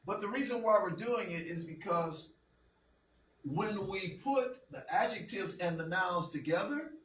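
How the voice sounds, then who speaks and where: Heard from a distance in a roomy space with faint background noise, a man leads a language class. His voice is high-pitched, a bit bright, and expressive, and he takes his time. He explains patiently and often asks "okay?" to make sure everyone understands.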